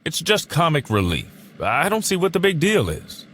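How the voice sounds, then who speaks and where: A man's voice: on the high side, huge pitch swings, moderate pace, fairly bright tone, husky, exaggerated voice. An actor playing a casual, dismissive male agent who shrugs things off. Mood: breezy. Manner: offhand, shrugging. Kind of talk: audio drama acting.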